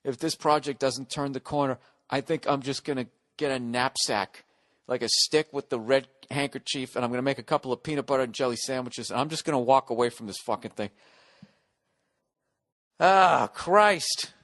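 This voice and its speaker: A middle-aged American man hosting a podcast, delivering a profane, rambling comic monologue with swings between loud rants and muttered asides. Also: medium pitch, fairly even intonation, fairly quick. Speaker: podcast host.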